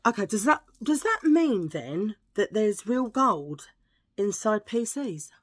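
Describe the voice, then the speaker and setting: A middle-aged woman chatting casually to camera as a vlogger, playful and prone to hushed asides. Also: medium pitch, very animated, takes it slowly, dry recording.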